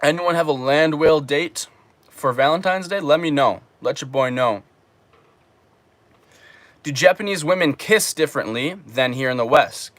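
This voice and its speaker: This livestream host is a young man with a fairly high voice, speaking at a moderate pace with long pauses. Relaxed and joking, he reads chat questions aloud from his home streaming room in Japan, and the recording is dry.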